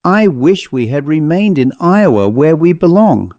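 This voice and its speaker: A man's voice: a little high, very animated, measured pace, dark tone, no room sound, highs cut off, pitched above the performer's own voice. A man reading aloud and voicing a stern, sensible elder spinster sister who speaks in a clipped manner. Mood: complaining.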